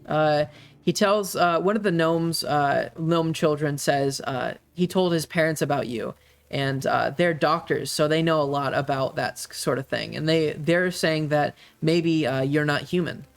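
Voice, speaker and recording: A man's voice: a little high, gravelly. Hesitant man narrating as game master. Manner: halting, many fillers.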